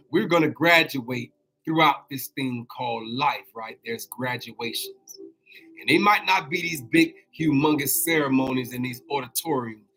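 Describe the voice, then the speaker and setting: A man hosting a casual spiritual motivational talk, with a bright, forceful tone. He repeats phrases and keeps turning to his listeners to check that they hear him. His speech is loose and colloquial, and his pitch sits in an ordinary middle range. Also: rough recording. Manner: repetitive, calls out to listeners directly. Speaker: host.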